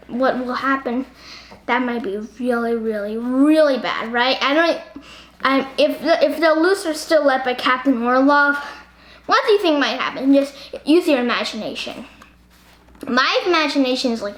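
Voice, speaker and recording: High-voiced chatty female book vlogger. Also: a bit bright. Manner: chatty, rambling, many questions and fillers. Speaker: book discussion host. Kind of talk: casual book discussion, asking viewers questions. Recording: roomy echo.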